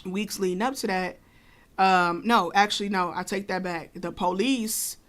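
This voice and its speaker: A woman's voice: medium pitch, steady tone, moderate pace, fairly bright tone. A woman co-hosting a podcast, telling a personal story casually with many fillers and asides. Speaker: podcast co-host.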